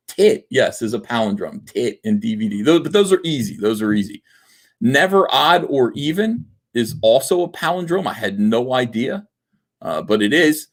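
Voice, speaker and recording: A man's voice: medium pitch, big pitch swings, moderate pace. A man hosting a casual livestream, rambling and joking with lots of fillers. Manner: rambling, jokey, filler-heavy. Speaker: livestream host.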